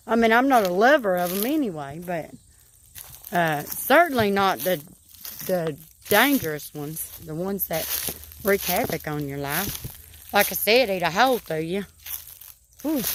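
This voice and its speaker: Southern lady rambling on a farm walk, laughs a lot, talks real slow, bit of background hiss. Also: mid-range voice. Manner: folksy, laughs often, easily spooked. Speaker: vlogger. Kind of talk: casual storytelling while walking outdoors. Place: outdoors on a farm, walking through woods.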